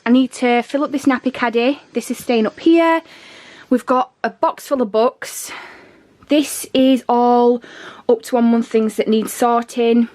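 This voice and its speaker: A woman's voice: on the high side, steady tone, unhurried, a little mellow. A young pregnant woman, chatting casually in a home vlog, rambling and out of breath. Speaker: vlogger. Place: home living room and nursery, indoors.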